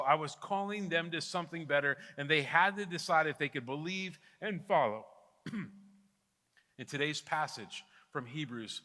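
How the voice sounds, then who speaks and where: A man's voice: fairly high pitch, moderate pace, bright, forceful tone, big-room sound. A middle-aged man preaching a sermon as pastor, telling a story with emphatic repetitions. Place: church sanctuary.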